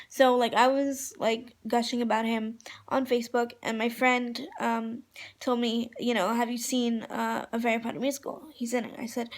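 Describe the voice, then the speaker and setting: A young woman telling a gushing, excitable story in a casual vlog, full of fillers. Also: a little high, moderate pace. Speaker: vlogger.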